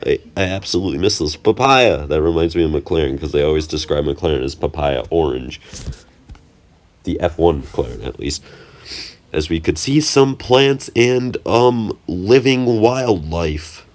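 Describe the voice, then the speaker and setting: Young man, very deep voice, rambling jokey vlog voice-over, self-correcting. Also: measured pace. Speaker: channel host. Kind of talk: casual vlog commentary over trip footage.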